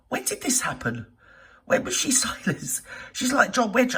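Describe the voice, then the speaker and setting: A woman's voice: a little high, very animated, normal speed, fairly bright tone, far from the mic. A woman hosting a reaction video with camp, theatrical, sarcastic comedy commentary.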